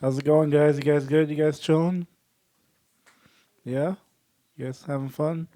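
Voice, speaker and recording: A man doing a stand-up set, working the crowd with deadpan absurd jokes. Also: a little high, unhurried, no room sound. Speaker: stand-up comedian. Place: small comedy venue.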